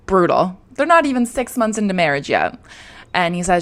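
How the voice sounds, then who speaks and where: A woman's voice: fairly low pitch, sing-song, normal speed, a bit bright. Chatty young woman telling a true-crime story. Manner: chatty, candid, lots of "like", swears casually.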